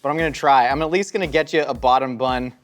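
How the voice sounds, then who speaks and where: Excitable young guy showing a recipe, cracks jokes at the crew, soft music underneath. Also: mid-range voice, quick pace. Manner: jokey, excitable, talks to the crew. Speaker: cooking show host. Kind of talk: casual cooking demonstration.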